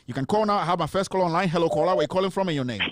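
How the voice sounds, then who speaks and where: A man with a Ghanaian accent hosts a live call-in commentary show, sarcastic and animated, and reads viewers' comments aloud. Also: high voice, rapid-fire, dry recording, clean studio sound. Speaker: host.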